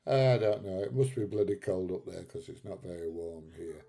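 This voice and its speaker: A man's voice: sits low, steady tone, normal speed, creaky, dark tone. A middle-aged man hosting a live stream, chatting casually and bluntly, swearing and laughing at his own jokes. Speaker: live stream host reading chat.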